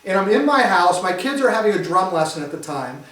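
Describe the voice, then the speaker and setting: A middle-aged man from Detroit, telling his own story to a live audience in an animated, self-mocking way. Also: sits high, a little fast. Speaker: speaker giving a testimony. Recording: roomy echo, mic at a distance.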